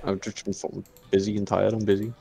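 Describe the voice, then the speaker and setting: A man's voice: lowish voice, little pitch movement, fast, creaky, warm tone. A young man bantering casually during a game, laid-back and sweary. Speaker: gamer. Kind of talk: casual gaming chat.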